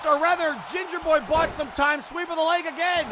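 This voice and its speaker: A man calling a wrestling match play by play, often breaking into excited shouts. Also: very high-pitched, brisk. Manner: excitable, shouting during big moments. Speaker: wrestling commentator. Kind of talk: play-by-play commentary. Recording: crowd and loud background noise.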